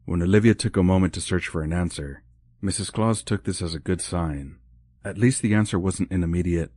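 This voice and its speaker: A man narrating an audiobook with measured, even storytelling. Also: sits low, no echo, studio quality. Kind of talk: scripted narration.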